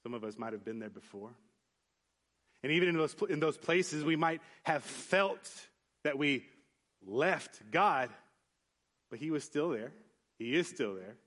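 A man preaching a sermon, telling a personal story in an earnest, conversational way with many restarts. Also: medium pitch. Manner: earnest storytelling, rising into animated retelling with acted voices. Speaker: pastor.

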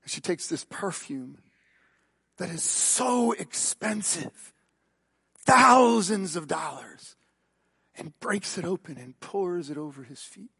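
A man's voice: sits high, expressive, takes it slowly, gravelly, bright, forceful tone, husky. A man preaching a sermon, emphatic and questioning, retelling a gospel story. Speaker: pastor.

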